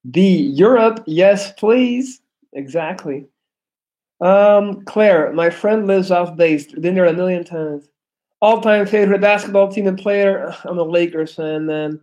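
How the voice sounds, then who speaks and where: A man's voice: sits high, slow, a little mellow. A young man reading viewer comments aloud in a laid-back, slangy livestream chat. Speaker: YouTuber reading live chat.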